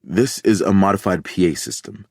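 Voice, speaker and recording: Reassuring middle-aged doctor, read by a male narrator, slow, deep, a bit husky. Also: a little mellow, no echo, clean studio sound, full character voice. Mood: explaining. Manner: slow, soothing, reassuring baritone.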